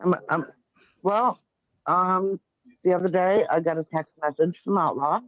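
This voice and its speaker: A woman joining a livestream by call, annoyed and halting as she tells her complaint, on dull lo-fi audio. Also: fairly low pitch, no echo. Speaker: caller on panel. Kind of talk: livestream panel chat.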